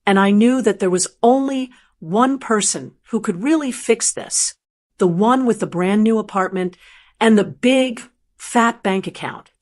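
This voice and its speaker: A woman's voice: mid-range voice, measured pace, a little mellow, natural voice. A woman voicing a scheming middle-aged man who bullies his sister, mocking and pushy. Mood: sly.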